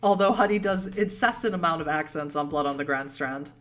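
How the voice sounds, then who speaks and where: With a deep, brisk voice and faint music in the background, a streamer from Boston, United States, chats with her viewers. She has a Boston accent, rambles as she answers chat, and laughs often.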